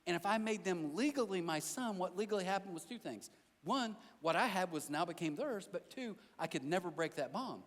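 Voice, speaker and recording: A pastor with a voice that sits high preaches in a church auditorium, telling animated stories, making self-deprecating jokes, and addressing the crowd directly. The recording carries long hall reverb.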